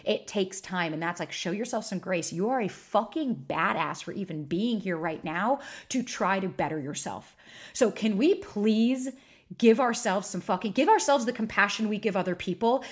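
A woman in her thirties hosting a casual solo podcast, talking frankly and emphatically, with plenty of swearing. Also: medium pitch. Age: 30s. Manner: frank, profane, emphatic storytelling. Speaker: podcast host.

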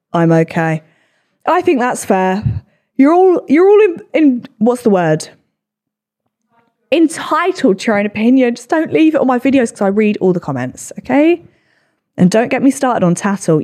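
Low-voiced sarcastic woman podcaster. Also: a little mellow. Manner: swearing, sarcastic, self-deprecating. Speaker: podcast host. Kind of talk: solo podcast chat, reading comments.

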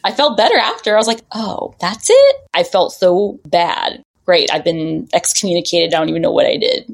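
A woman's voice: fairly low pitch, fairly quick, creaky. A woman talking as a podcast guest in a rambling, chatty way, often laughing. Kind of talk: casual chat.

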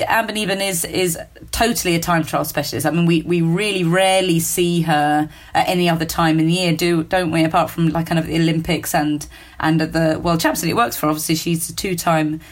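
A woman hosting a podcast, chatting casually and hesitantly with frequent ums and uhs. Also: low voice. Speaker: podcast host. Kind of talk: casual chat.

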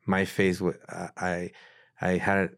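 A man with a deep, low voice tells his own story as a podcast guest. He speaks earnestly and casually, lowering his voice whenever he acts out a conversation. The sound is dry and close to the mic. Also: completely flat delivery, slow, vocal fry, clean tone, no room sound. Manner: earnest storyteller who acts out quoted dialogue in a hushed voice. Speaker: pastor. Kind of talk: casual testimony in a podcast interview.

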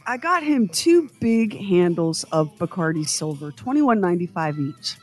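A radio co-host with a low-leaning voice tells a story at normal speed in casual chat, animatedly acting out quotes and sound effects. Faint music plays behind her.

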